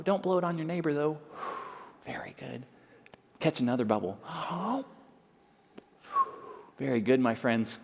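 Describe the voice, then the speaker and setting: A man in a library reading a picture book aloud to children, playful and animated, asking them questions. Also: fairly high pitch. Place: library story room. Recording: long reverb in a large room.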